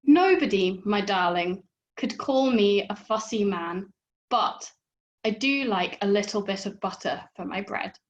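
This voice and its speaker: A woman's voice: medium pitch, expressive, unhurried, muffled recording, slight background noise, close to an everyday voice. A woman doing a fussy, sulky old king. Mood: gleeful. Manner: whimpering then gleeful.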